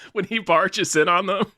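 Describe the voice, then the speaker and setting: A man co-hosting a podcast, chatting casually about a film, animated and laughing often as he riffs. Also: high voice, no room sound, studio quality. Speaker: podcast co-host. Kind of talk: casual movie-review chat.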